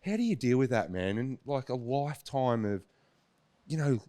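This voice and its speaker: A man's voice: medium pitch, sing-song, moderate pace, mellow. A man hosting a podcast in a casual, blunt way, swearing freely and often checking in with his guest. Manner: blunt and swearing, keeps checking in with "you know what I mean". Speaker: podcast host.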